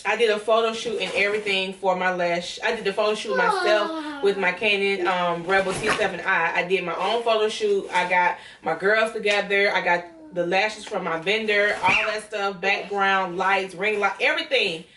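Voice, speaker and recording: A young woman excitedly unboxing and showing her own lash brand in a casual, rambling vlog. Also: mid-range voice, normal speed, hardly any pauses, noisy background. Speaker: vlogger launching a lash brand. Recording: roomy and distant with music behind.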